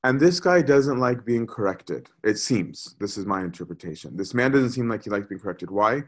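A man's voice: on the low side, normal speed. A man giving a sermon, talking conversationally and asking his listeners "right?" again and again. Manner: conversational, animated, often asks "right?". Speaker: preacher.

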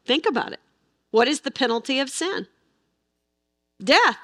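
A woman's voice: high-pitched, big pitch swings, a little slow, a bit bright, no room sound, clean studio sound. A middle-aged woman teaching the Bible with emphasis, asking her listeners rhetorical questions.

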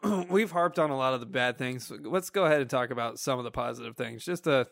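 A man's voice: mid-range voice, fast, creaky, fairly bright tone, no echo, clean studio sound. A man co-hosting a casual movie review chat, easygoing and joking. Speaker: podcast co-host.

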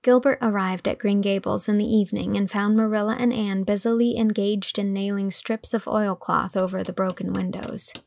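A woman narrating an audiobook in a clear, measured storytelling manner. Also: mid-range voice, steady tone, darkish tone, dry recording, clean studio sound. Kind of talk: scripted narration.

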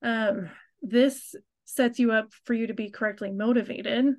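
Higher-voiced woman podcast co-host. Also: steady tone, measured pace. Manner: agreeable, short affirming replies. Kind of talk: casual chat.

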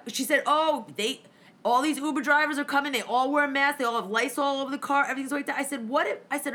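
A woman's voice: sits high, fast. A woman telling a story in casual chat, swearing freely and acting out both sides of the conversations. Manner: profane, animated, acts out dialogue.

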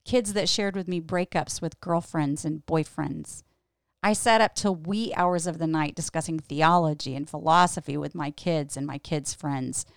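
A middle-aged woman tells a personal story in a low, gravelly voice, reflective and candid. Her words come out earnest and unhurried, like a host talking straight to her listeners. The sound is close and dry. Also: no room sound. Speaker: podcast host and Bible teacher.

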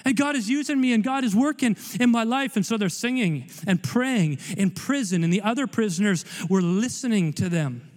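A man's voice: sits high, expressive, moderate pace, few pauses. A man preaching a sermon in an emphatic, rambling way, with joking asides and repeated words. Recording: long hall reverb.

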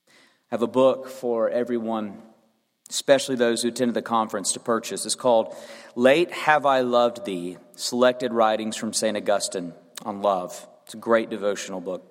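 Earnest preacher man in echoing hall. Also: mid-range voice. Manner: earnest, building to emphatic peaks. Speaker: pastor. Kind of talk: sermon with scripture readings. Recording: long hall reverb.

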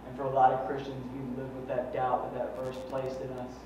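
A man's voice: medium pitch, completely flat delivery, a little fast, a little mellow. A man pastor preaching a sermon, fervent and conversational, with many rhetorical questions. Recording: echoey hall from far off, dull and faintly noisy.

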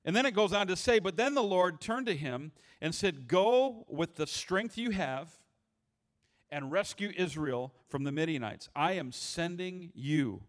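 A man's voice: high voice, animated, unhurried. A man preaching a sermon in a conversational, humorous way, often restarting his words. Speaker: pastor.

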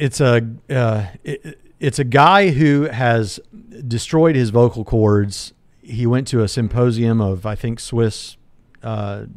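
A man in his forties hosting a livestream debate discussion, talking quickly with many fillers and restarts. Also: lowish voice, a little mellow, no room sound. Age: 40s. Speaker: host.

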